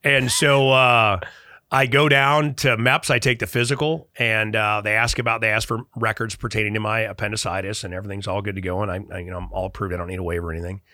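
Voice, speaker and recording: Animated man from Chicago telling stories. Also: fairly low pitch, fast, no echo, clean studio sound. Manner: animated, acts out quoted dialogue. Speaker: guest. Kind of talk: casual storytelling in conversation.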